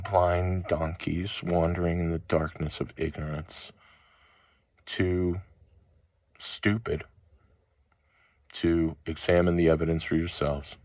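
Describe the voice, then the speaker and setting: A man with a low, heavy voice rants through a rambling spiritual monologue, swearing angrily and stopping between phrases. The recording is dull and lo-fi, with no room sound. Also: little pitch movement, darkish tone, no room sound. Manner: angry, profane ranting with halting pauses. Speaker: channel host.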